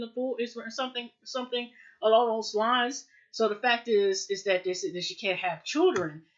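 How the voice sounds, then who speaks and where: A woman hosting a casual TV episode review, rambling through the plot with lots of "you know" and "like.". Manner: chatty, rambling, heavy with fillers like "you know" and "like"; jumps into higher, louder voices when quoting characters. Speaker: TV show reviewer, host. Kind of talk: casual spoken episode recap. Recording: dull lo-fi audio.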